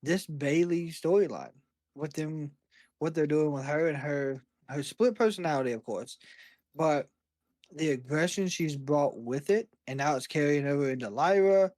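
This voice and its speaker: A man's voice: fairly high pitch, normal speed, darkish tone, no room sound. A man co-hosting a casual wrestling chat, enthusiastic and chiming in with short agreements and opinions. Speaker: podcast co-host.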